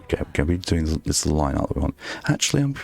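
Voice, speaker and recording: A man streaming his art, talking softly in an ASMR-style murmur right on a close microphone, rambling to himself as he draws. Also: very deep voice, big pitch swings, fast talker, vocal fry, slightly rough. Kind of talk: soft ASMR-style stream chat while drawing. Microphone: very close desk microphone. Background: faint background music.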